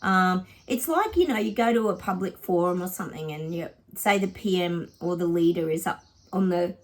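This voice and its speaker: Husky, chatty Australian woman psychic. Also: on the low side. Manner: chatty and rambling, addresses viewers as guys. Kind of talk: casual vlog chat during a psychic reading.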